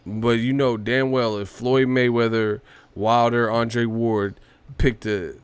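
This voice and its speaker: Casting note: male boxing vlogger, mid-pitched, profane and mocking, ranting loosely to camera. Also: slow pace, clean tone, no echo. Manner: animated, profane, mocking, with high-pitched incredulous outbursts. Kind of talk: casual rant to camera.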